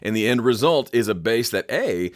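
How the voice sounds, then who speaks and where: Joking around as he teaches, this middle-aged man talks to camera about audio mixing, now and then making vocal sound effects in an animated, casual style. He has a medium-pitched voice at a moderate pace, recorded dry with studio quality.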